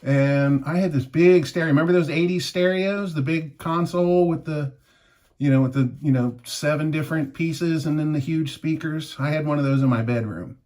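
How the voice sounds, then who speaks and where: Mid-shave, a fiftysomething man tells a meandering anecdote for his vlog, laughing as he reviews shaving equipment. His voice is slightly high and a little mellow, and he talks at normal speed.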